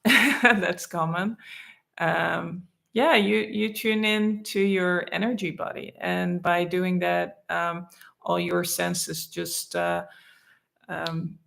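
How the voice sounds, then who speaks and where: A woman co-hosting a live online Q&A, speaking haltingly with many ums and restarts. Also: on the low side, fairly even intonation, vocal fry, a bit bright. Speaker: co-host, internal arts teacher.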